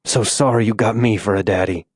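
A man voicing a remorseful middle-aged father confessing in a hushed voice. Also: on the low side, fairly even intonation, fairly quick, slightly rough, no room sound, studio quality.

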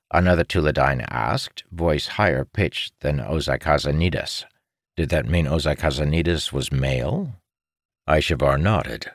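A man reading a fantasy story aloud in scripted, measured narration. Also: extremely low pitch, expressive, dry recording, studio quality. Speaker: audiobook narrator.

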